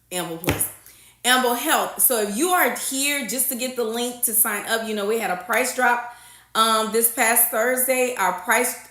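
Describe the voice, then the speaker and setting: A registered nurse hosts a casual livestream on a phone or webcam setup, chatting with viewers, repeating her points, and reading out and answering chat comments. Her medium-pitched voice is pushed and bright, with a reverberant sound.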